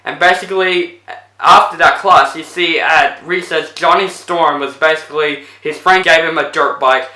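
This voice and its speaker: A man's voice: fairly high pitch, bright, forceful tone, echoey room, poor audio. A man casually retelling a movie plot as a reviewer, rambling with lots of fillers. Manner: rambling, full of fillers like 'basically'.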